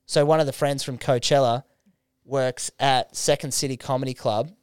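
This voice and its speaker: A young Australian man with a smooth, resonant voice and middling pitch spins a long story on a laid-back podcast. He swears freely and acts out both sides of a conversation. The sound is close and dry. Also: normal speed, no echo. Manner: swearing, animated retelling with quoted dialogue. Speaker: podcast co-host.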